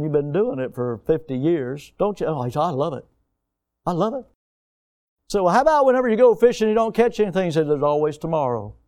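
Mellow, smooth-voiced male preacher. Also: fairly high pitch. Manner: folksy storytelling, building to emphatic lines. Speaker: pastor. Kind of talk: sermon.

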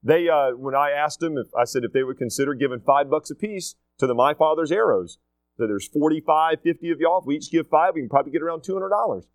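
A middle-aged school leader speaks to students in a casual, emphatic way, repeating key phrases and acting out quotes. His voice is a little high and fast, with no room sound.

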